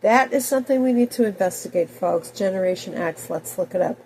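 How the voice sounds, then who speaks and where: A woman in her fifties with a cold, talking in a rambling personal monologue that swings between loud outbursts and soft mutters. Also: medium pitch, brisk, slight background noise, rough recording. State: has a cold. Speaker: video blogger.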